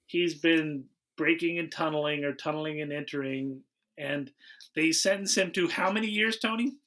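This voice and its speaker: A man hosting a podcast, recapping a movie in a relaxed, wry way, often restarting his sentences. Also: a little high, normal speed. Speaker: podcast host. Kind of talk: casual comedic movie recap.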